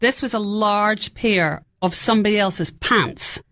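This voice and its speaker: A woman's voice: mid-range voice, measured pace, fairly bright tone, no echo. A woman guest in casual radio chat, telling stories in a playful, teasing way.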